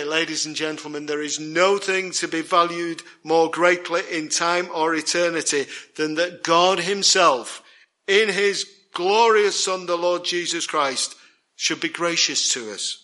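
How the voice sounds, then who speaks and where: A man's voice: on the high side, bright, forceful tone. A man preaching a sermon, earnest and emphatic, repeating key words for weight.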